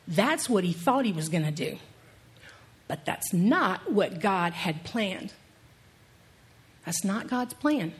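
A middle-aged woman pastor preaching a sermon, telling stories with animated energy and laughing as she goes. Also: mid-range voice, slow pace, long pauses, breathy edge.

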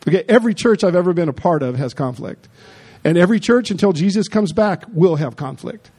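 A man's voice: high-pitched, animated, fairly quick, mellow, husky. A man preaching a sermon in an emphatic, conversational way, with frequent asides to the congregation. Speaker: pastor.

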